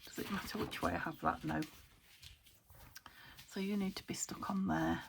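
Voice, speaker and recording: A woman's voice: medium pitch, fairly even intonation, normal speed, gravelly, noisy background. A British woman thinking aloud as she demonstrates a craft project, often muttering half-whispered asides to herself. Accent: British English. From United Kingdom. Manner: self-talk, thinking aloud, chuckling. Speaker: crafter demonstrating junk journal making. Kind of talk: chatty crafting tutorial, talking to herself.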